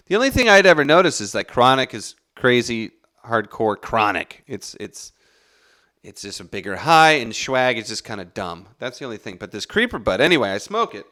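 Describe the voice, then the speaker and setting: A man tells a story as a casual podcast host. He rambles and swears, full of restarts, and his pitch swings widely up and down. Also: brisk. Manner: rambling, profane, animated, with restarts.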